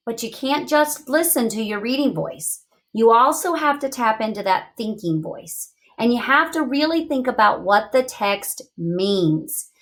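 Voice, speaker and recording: A woman with a slightly high voice leads a read-aloud lesson for young children, asking them questions in an expressive, encouraging manner.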